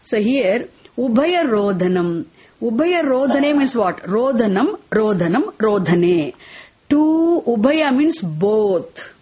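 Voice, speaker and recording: A woman giving a spiritual text class, explaining word meanings slowly and having students repeat each word after her. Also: on the high side, big pitch swings, dark tone, slightly rough. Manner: slow, repetitive teaching, has students repeat words. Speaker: teacher.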